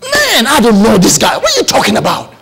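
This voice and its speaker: A man's voice: very high voice, wildly swooping pitch, a little fast, creaky, fairly bright tone, a little hiss or hum, heavily acted. A man with an African accent voicing a panicked grown man who stammers and breaks off as he denies knowing a friend. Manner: flustered, stammering, breaking off words.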